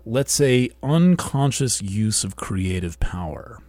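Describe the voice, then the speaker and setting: Slow, low-voiced reflective man. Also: very animated, a little mellow, dry recording. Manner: slow, thoughtful, halting with restarts. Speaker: host. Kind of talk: reflective monologue.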